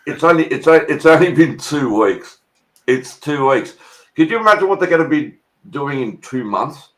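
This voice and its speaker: Australian man, casual guest, animated and sweary. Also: on the high side, moderate pace. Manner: excitable, swears a lot, slips into loud mocking voices. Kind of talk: casual chat.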